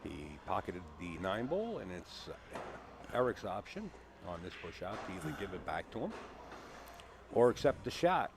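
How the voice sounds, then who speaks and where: Lively male pool commentator. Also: low-pitched, moderate pace, background noise. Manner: chatty, teasing, explains shots. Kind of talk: live play-by-play commentary. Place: booth at a pool hall tournament.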